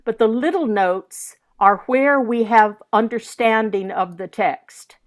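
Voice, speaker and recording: A woman's voice: a little high, takes it slowly. An older woman teaching a masterclass for singers, carefully sounding out French words syllable by syllable. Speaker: voice coach.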